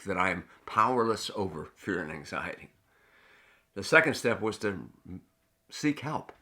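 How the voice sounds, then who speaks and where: Bright-voiced man preaching a sermon. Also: low-pitched. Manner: earnest, storytelling preacher with lively emphasis. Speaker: pastor.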